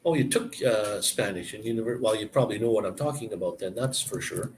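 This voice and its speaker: A man chatting casually and explaining words, halting and searching for words as he goes. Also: on the low side, slight background noise. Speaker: person explaining language to a visitor. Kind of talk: casual chat.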